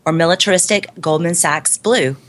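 Woman, podcast guest, low voice, casual hesitant retelling, frequent fillers. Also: normal speed. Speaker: guest reporting from a conference. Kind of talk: casual chat.

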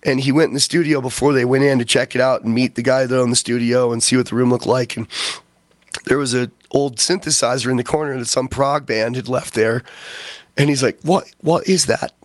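A man's voice: mid-range voice, steady tone, brisk, dry recording. Man rambling on talk radio. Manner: rambling storyteller, acts out quotes. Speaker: radio show host. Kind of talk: casual talk radio chat.

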